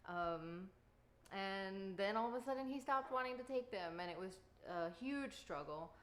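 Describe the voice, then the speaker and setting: A woman's voice: mid-range voice, lively intonation, normal speed, a bit bright. A woman in her thirties chatting casually to camera while baking at home, rambling with lots of fillers. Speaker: vlogger and mother. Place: home kitchen.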